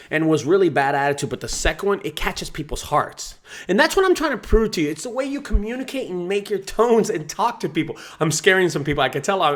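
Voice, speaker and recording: A man's voice: fairly high pitch, a bit bright. A man who runs a junk removal business, teaching sales in a casual, profane, storytelling way. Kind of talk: casual teaching talk to camera.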